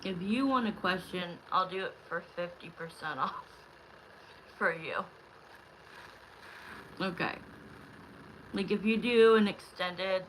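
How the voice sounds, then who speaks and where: A woman's voice: fairly low pitch, takes it slowly, long pauses, a bit bright, slight background noise, rough recording. A woman hosting a live tarot stream, chatting loosely with viewers in a rambling way, frustrated and close to tears. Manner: rambling, talks straight to the chat.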